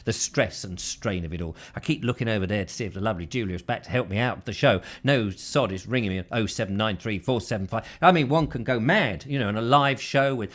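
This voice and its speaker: A man's voice: on the low side, fast talker, hardly any pauses. A man hosting a casual live show from his house, rambling through viewer comments with self-deprecating jokes. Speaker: host.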